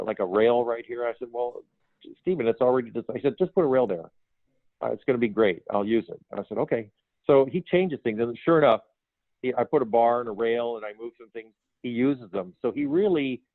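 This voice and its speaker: An older man, a veteran film designer, relays anecdotes in an animated way and slips into the voices of the people he quotes. His voice comes through a narrow, phone-like line. There is no room sound around it. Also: medium pitch, no echo. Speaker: guest, film production designer. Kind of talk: storytelling interview. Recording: tinny phone line, dry.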